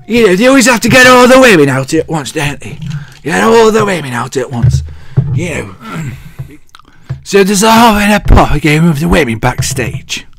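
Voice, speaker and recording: A man's voice: high voice, fairly bright tone, no room sound. An English man hosting a wrestling show, recapping in a cheeky, rambling way and often losing his place as he thinks aloud. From England.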